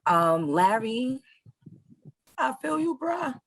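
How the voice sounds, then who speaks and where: A woman's voice: high-pitched, very animated, slow, dry recording, poor audio. A woman in her forties, an advocate and organizer, speaking with fiery passion through tears. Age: 40s. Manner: fiery, impassioned, shouting out. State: crying. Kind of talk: emotional podcast testimony.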